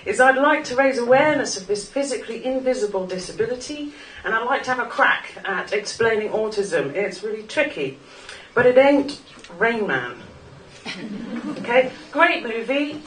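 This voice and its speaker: A woman's voice: mid-range voice, a bit bright. Woman speaker, 40s, wry and earnest live talk, echoey room, heard from a distance. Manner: wry, earnest, laughs at her own jokes. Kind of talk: personal talk to a live audience. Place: small club venue in front of an audience. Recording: echoey room, distant mic, faint noise.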